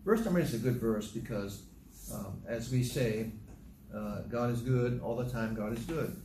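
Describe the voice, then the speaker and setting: Guy preaching a sermon, plain storyteller, reads verses out loud, roomy echo with faint hum. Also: mid-range voice, moderate pace. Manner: plain, conversational storytelling with scripture read aloud. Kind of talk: sermon teaching through a psalm. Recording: echoey room.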